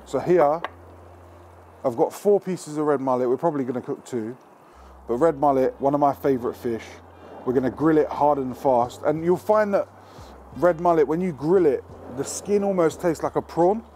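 A man's voice: a little high, moderate pace, warm tone, a little hiss or hum. A man hosting a cooking show, talking casually and cheekily to camera with plenty of swearing, cooking at an outdoor barbecue.

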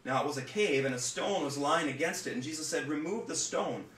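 A male pastor preaches from home in an earnest, halting way, often repeating his words. He sits back from the mic, and his voice rings through a roomy space with faint noise behind it. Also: on the high side, fairly bright tone, far from the mic. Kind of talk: scripture reading and sermon. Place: home room.

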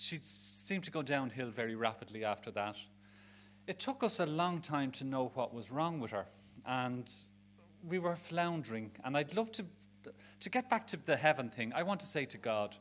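A man's voice: mid-range voice, lively intonation, moderate pace, a bit bright, a little hiss or hum. A middle-aged man with a Dublin Irish accent, giving a frank, emotional personal talk to an audience on stage, rambling and restarting his sentences. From Ireland. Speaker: speaker at a charity event. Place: live event on stage.

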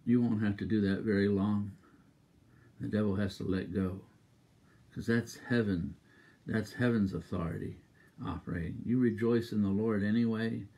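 A man preaching a sermon as a minister, exuberant and emphatic, repeating exhortations and breaking into loud rhythmic laughter. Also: lowish voice, fairly even intonation, moderate pace.

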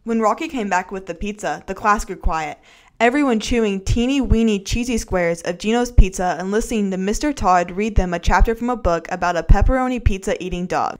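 A woman narrating a children's chapter book aloud with clear, expressive storytelling. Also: mid-range voice, fairly quick. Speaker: student narrator.

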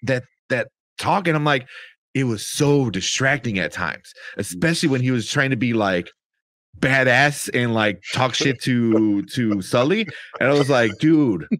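A man talking in a relaxed podcast chat, rambling with plenty of fillers and swearing, often breaking into laughter. His pitch sits in the ordinary middle, and the sound is dry and close. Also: measured pace, no echo. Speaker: podcast co-host reviewing a movie. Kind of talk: casual chat.

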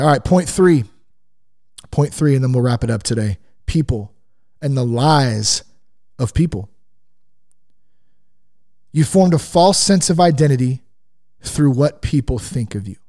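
A man's voice: mid-range voice, a little mellow. A man hosting a casual faith-based sobriety podcast, talking in a conversational way and sidetracking into self-mocking jokes. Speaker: podcast host.

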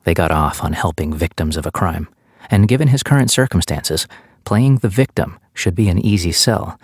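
A man reading an audiobook in steady, scripted narration on a close studio mic. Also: deep voice, normal speed, breathy edge, dry recording.

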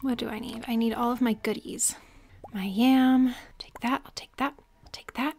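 A woman's voice: a little high, steady tone, normal speed, darkish tone, slight background noise. A young woman narrating her gameplay with sarcastic asides, often dropping to a whisper. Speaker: gaming streamer. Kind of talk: casual let's play commentary. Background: faint game music.

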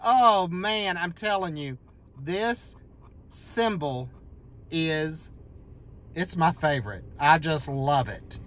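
Scratch-ticket vlogger, very slow and bright, lively pitch swings, number-calling with excited outbursts. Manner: counts numbers aloud, bursts into excited shouts at wins. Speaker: scratch-off lottery channel host.

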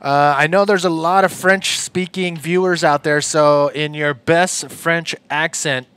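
Man, sports broadcast host, slightly high voice, smooth, dry close mic. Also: steady tone, measured pace, a bit bright, dry recording. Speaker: play-by-play host. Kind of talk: live sports commentary.

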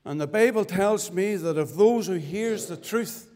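A man's voice: sits high, unhurried. Fervent man preaching in a reverberant church. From Northern Ireland. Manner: fervent preaching with sharp swings from loud to hushed. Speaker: testimony speaker at a church. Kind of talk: preached testimony. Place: church hall. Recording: church recording with long reverb.

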